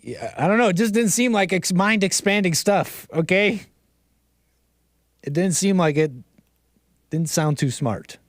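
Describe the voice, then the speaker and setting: A man's voice: high voice, a little slow, pauses often, dry recording, clean studio sound. A man hosting a livestream, ranting and joking in casual commentary, laughing often. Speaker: streamer host.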